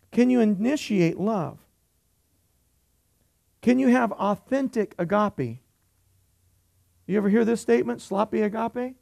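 A middle-aged male pastor preaching a sermon. His voice sits high for a man and carries a gravelly edge. He mixes teasing humor with repeated questions to the congregation. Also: a little mellow.

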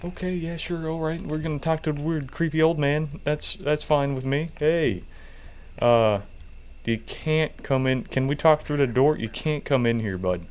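A man's voice: on the high side, normal speed, a little mellow. A man playing a game and commenting in a sarcastic, joking way, with casual swearing. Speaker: gamer.

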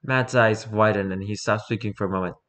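A man reading a horror document aloud in an even, report-like narration. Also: fairly low pitch, brisk. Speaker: reader.

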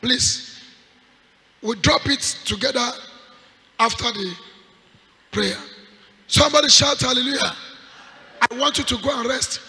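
A Nigerian pastor leading a fervent vigil, shouting prayer declarations and calling out for the congregation to answer back. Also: male voice, extremely high pitch, a little slow, long pauses, breathy edge. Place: large church hall at a night vigil. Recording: reverberant church hall.

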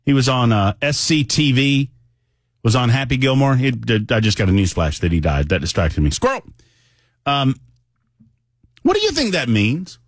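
A man's voice: medium pitch, big pitch swings, normal speed, dry recording, studio quality. A man hosting a political talk radio show, speaking in a conversational, emphatic monologue that often wanders off on tangents.

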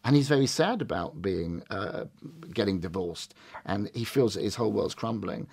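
A man's voice: lowish voice, normal speed, creaky, husky. A middle-aged man, reviewing a film in casual chat and acting out lines from it. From Britain. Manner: animated, acts out quoted lines in varied voices.

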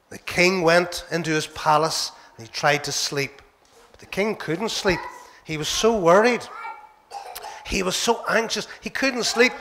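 A man with a Northern Irish accent, a minister telling a Bible story to children in church, playful and animated. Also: sits high, unhurried.

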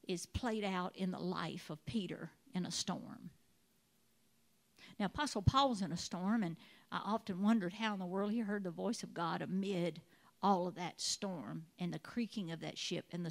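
A woman preacher delivering a sermon, telling Bible stories with animated storytelling and acting out the voices of the people in them. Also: mid-range voice, gravelly. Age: adult. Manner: animated storytelling, acts out voices of biblical figures.

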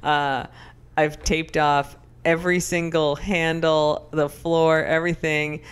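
Young woman podcast co-host, smooth clear voice, lively chatty storyteller. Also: low-pitched, slow pace. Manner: animated, chatty storyteller with many fillers. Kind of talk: casual chat.

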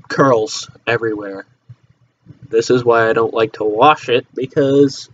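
A teenage boy talks to his viewers in a loose, rambling way, drifting between thoughts and swearing casually. His voice sits at an ordinary pitch for a young man. The laptop microphone gives it a dull, lo-fi sound with a faint hiss behind it. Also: steady tone, measured pace. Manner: rambling, offhand, swears casually, trails off into mutters. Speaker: vlogger. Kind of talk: casual rambling chat to camera.

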